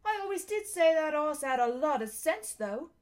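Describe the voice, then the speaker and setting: A good-humored working man, a cab driver, speaks in a folksy, hearty way, as a woman reading a storybook puts him on. His lines come out a touch higher and brighter than the narration. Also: big pitch swings, moderate pace.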